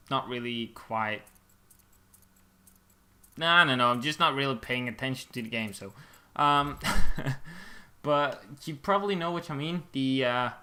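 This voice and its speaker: Rambling young Belgian man, bright voice. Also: medium pitch. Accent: Belgian Dutch. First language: Dutch. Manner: rambling, stumbling over words, swearing casually. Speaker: gaming YouTuber. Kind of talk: gameplay commentary.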